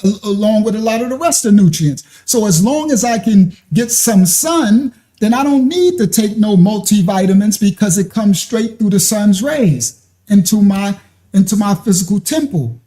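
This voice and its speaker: Laughing man telling a lively story. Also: high-pitched, normal speed. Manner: animated, laughs often, acts out quoted voices. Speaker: show host telling a personal story. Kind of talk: casual storytelling.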